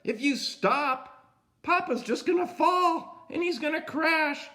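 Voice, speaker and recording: An older man reading a storybook aloud, voicing a young boy bear cub who shouts urgent instructions. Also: very high-pitched, takes it slowly, pitched above the performer's own voice, exaggerated voice.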